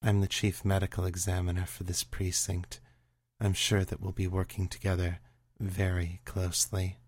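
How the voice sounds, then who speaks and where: A man reading the part of a sultry, teasing female medical examiner in a story, slow and suggestive. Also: low voice, monotone, darkish tone, no room sound. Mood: seductive. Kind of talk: audiobook reading of a serial story.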